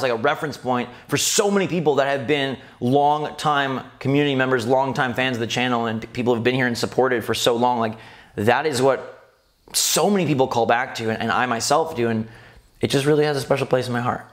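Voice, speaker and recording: A man hosting his gaming channel, reminiscing in casual commentary and jumping up high when amused. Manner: animated, rising to high squeals when amused. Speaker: gaming YouTuber host.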